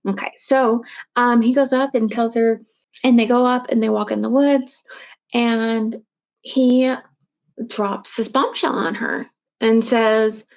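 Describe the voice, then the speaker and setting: A woman with a slightly high voice tells a true crime story in a loose, casual way. She talks in a chatty flow, full of fillers and restarts. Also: steady tone, takes it slowly, gravelly.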